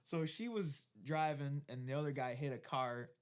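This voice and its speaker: A man's voice: on the high side, moderate pace. Laid-back man swapping stories. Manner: laid-back, swearing, laughing along. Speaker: podcast co-host. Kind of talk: casual chat.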